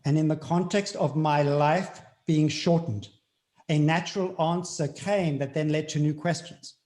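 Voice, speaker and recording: With a steady, darkish tone and a slightly slow delivery, this South African-accented man speaks earnestly as an interview guest. He's reflective, his voice sits fairly high for a man, and he repeats key phrases to drive them home.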